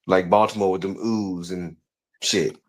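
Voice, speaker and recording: A man's voice: low voice, steady tone, measured pace. Profane, blunt American podcast man. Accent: African American English. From United States. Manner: profane, blunt, defensive when challenged. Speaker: podcast co-host. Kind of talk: heated casual chat.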